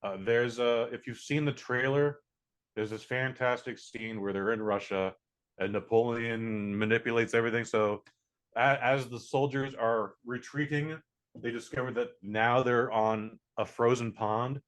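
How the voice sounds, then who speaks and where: A man's voice: mid-range voice, steady tone, a little slow. A man casually reviewing a film on a podcast, rambling with many fillers and restarts. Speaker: podcast co-host. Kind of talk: casual movie review chat.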